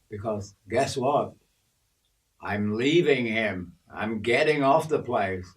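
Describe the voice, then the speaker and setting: A man's voice: mid-range voice, a little mellow, recorded from a distance. An older man telling a story from his youth in a folksy, conversational way. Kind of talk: storytelling narration.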